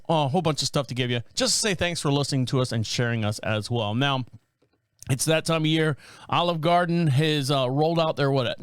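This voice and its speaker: High-voiced, jokey male podcast host. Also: smooth, dry recording, studio quality. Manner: jokey rambling storyteller who laughs often. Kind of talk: casual podcast monologue.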